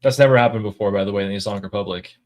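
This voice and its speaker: A man hosts a live stream in a loose, halting way and often stops on "um" and "uh." His voice sits fairly low. He talks in an unhurried, conversational manner. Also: a little mellow, highs cut off. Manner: halting, with many "um" and "uh" pauses. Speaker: host of a live analysis stream. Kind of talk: casual live-stream chat.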